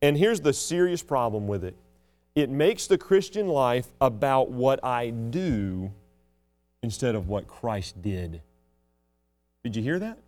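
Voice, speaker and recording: A man preaching a sermon with passion, swinging between loud declarations and hushed asides. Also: sing-song, slow pace, faint music behind. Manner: mocks proud churchgoers in a sneering low voice.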